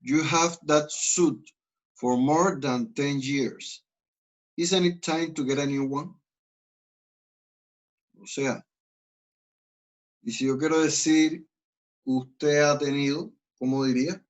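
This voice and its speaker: A man's voice: on the high side, low-quality recording. Spanish-accented man teaching English. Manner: switches between languages, slow deliberate model sentences. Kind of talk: online class, explaining grammar.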